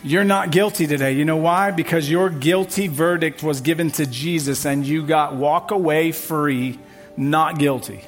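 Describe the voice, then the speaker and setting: A man with a high, bright-toned voice delivers a sermon at a church service. He preaches with emphasis, circling back to repeated refrains. Soft music plays faintly behind him. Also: a little slow. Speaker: pastor.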